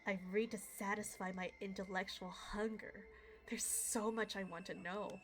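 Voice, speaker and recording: A woman reading aloud the lines of a calm, cold-hearted young man in a video game, in a measured, quietly mocking way. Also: mid-range voice, close to an everyday voice. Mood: detached.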